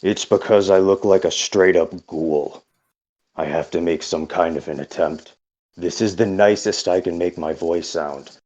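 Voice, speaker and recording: A man playing a soft-spoken ghoul hitman. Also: deep voice, highs cut off. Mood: apologetic. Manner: soft, deliberate, trying to sound nice. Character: ghoulish male ex-assassin, forcing a polite voice.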